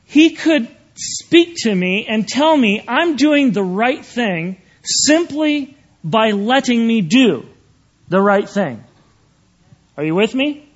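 A man's voice: very high-pitched, animated, slow, highs cut off. A man preaching an earnest, conversational sermon, often checking in with his listeners.

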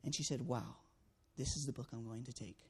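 A man's voice: medium pitch, fairly even intonation, a little fast, gravelly, breathy edge. A man sharing a personal testimony of his time as a door-to-door canvasser, talking earnestly with many fillers and acting out the dialogue. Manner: earnest storytelling, acts out dialogue, frequent fillers.

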